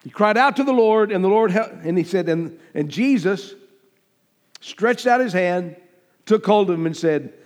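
A man's voice: high-pitched, lively intonation, normal speed, big-room sound. A man pastor preaching a sermon emphatically, swelling and dropping his volume and acting out the lines he quotes.

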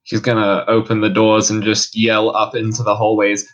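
A man's voice: fairly low pitch, monotone, moderate pace, a bit bright, dull audio. A man playing a tabletop game, casually describing his character's actions. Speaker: player.

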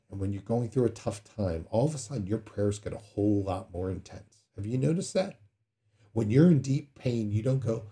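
Mellow-voiced male pastor preaching. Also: fairly low pitch, expressive, moderate pace. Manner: conversational preaching with dramatic acted-out prayers. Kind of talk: sermon.

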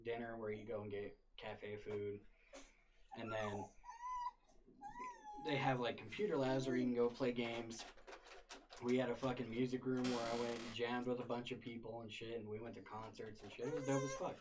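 A young man talks loosely and profanely, breaking into laughter as he recounts his school days. His voice sits at an ordinary middle pitch. A faint hiss of background noise stays under the recording. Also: level tone, moderate pace. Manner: profane, laid-back, laughs while telling stories. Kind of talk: casual storytelling chat.

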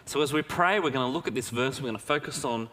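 A man's voice: medium pitch, fast. A man preaching a sermon in a conversational storytelling manner, with a personal anecdote and a prayer. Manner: conversational storytelling, animated when excited. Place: church. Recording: church hall reverb.

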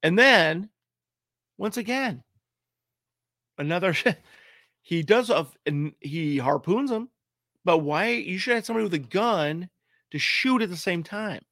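A man co-hosting a podcast, chatting casually about a movie, animated and laughing often. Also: sits high, measured pace, long pauses, dry recording, clean studio sound. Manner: animated, laughs often, puts on silly voices. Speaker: podcast co-host.

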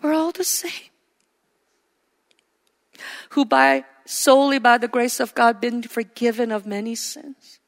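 A woman's voice: on the high side, fairly even intonation, unhurried, vocal fry, pauses often. A woman pastor preaching a sermon with impassioned delivery, repeating phrases for emphasis, in a church sanctuary. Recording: long reverb of a church hall.

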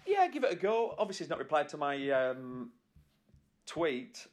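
A man's voice: on the high side, moderate pace. A British man co-hosts a casual podcast and spins cheeky, jokey stories about his life. His voice rises and falls a lot as he tells them, and he laughs often. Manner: jokey, animated, laughing storyteller. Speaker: podcast co-host. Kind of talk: casual chat.

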